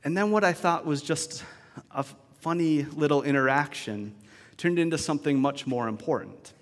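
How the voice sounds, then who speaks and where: A pastor preaches a sermon in a conversational, reflective manner, full of restarts and asides. His voice leans high at a normal speed, with the long reverb of a large church hall around it.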